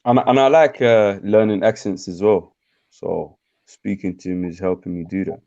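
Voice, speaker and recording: A man's voice: sits low, steady tone, moderate pace, dark tone. Slangy Birmingham man on a muffled stream. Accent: Birmingham English. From England. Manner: laid-back, slangy, laughs often. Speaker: live stream host. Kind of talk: casual chat on a live stream.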